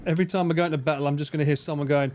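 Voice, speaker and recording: With an Essex accent and a somewhat high, slightly mellow voice, a man in his forties chats rapid-fire during a live game stream, his intonation fairly even. He swears, jokes and laughs plenty, and game music plus a faint hiss or hum can be heard.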